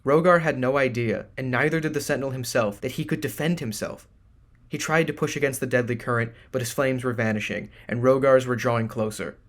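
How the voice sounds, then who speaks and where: A man narrating a fantasy audiobook in a measured, even reading. His voice sits at an ordinary, middle pitch.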